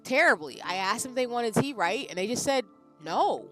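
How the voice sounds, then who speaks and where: A woman's voice: on the high side, expressive, normal speed, a bit bright, soft background music, pitched above the performer's own voice. A woman voicing Alta, a stubborn, rule-bound young woman fighter, speaking in an indignant, insistent way.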